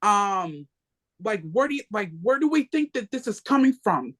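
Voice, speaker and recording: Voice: mid-range voice, big pitch swings, moderate pace, fairly bright tone. A reading group member talking passionately, repeating phrases for emphasis. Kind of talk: impassioned casual discussion.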